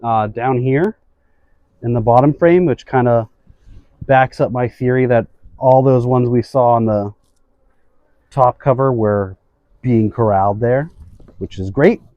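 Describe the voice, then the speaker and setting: A man's voice: mid-range voice, measured pace, long pauses, no room sound, highs cut off. A man working as a beekeeper, patiently explaining what he does while he inspects a hive outdoors. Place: outdoors at a beehive.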